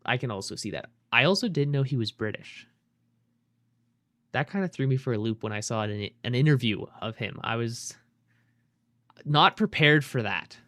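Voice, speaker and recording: A man's voice: mid-range voice, lively intonation, moderate pace, pauses often, a bit bright. Casual swearing young male streamer. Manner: loose, swearing, chatting with viewers. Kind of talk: casual live-stream chat while gaming.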